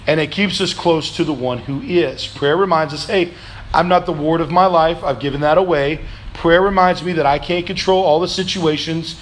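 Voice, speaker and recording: A man pastor preaching a sermon in a church, calling for answers from the congregation, swinging between loud, shouted pleas and low, quiet reflection. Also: normal speed, a little hiss or hum. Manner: preaching with call-and-response, rising to shouts then dropping low. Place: church sanctuary.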